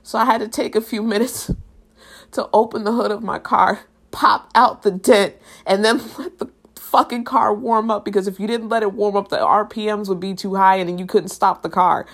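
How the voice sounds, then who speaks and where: A young adult woman hosting a podcast, telling a personal story in a blunt, animated and profane way. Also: medium pitch, a little fast. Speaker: podcast host. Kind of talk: casual storytelling.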